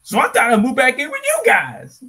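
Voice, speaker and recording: A man plays an eager, motor-mouthed talking donkey whose pitch leaps all over the place. The voice is a little husky around the edges, and he rambles, then bursts out loud. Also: wildly swooping pitch, moderate pace, exaggerated voice. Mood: rambling. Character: chatty excitable male talking donkey. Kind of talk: fan dub of an animated film.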